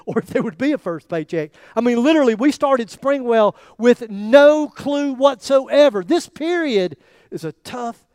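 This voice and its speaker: A man preaches with a high, light voice, telling a personal story. His delivery rises to loud emphasis and drops almost to a murmur. The sound is dry and close. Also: clear, resonant tone, dry recording. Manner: animated storytelling, voice rising and dropping to near quiet. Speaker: pastor. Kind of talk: sermon.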